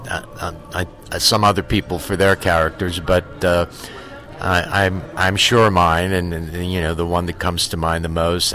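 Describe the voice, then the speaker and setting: A man with a very deep, low voice tells a story from a film set in a relaxed interview. He stumbles through fillers and restarts, swears freely, and acts out the people he quotes with lively energy. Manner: halting, full of fillers and restarts. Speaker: actor telling an on-set story. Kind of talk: casual interview anecdote.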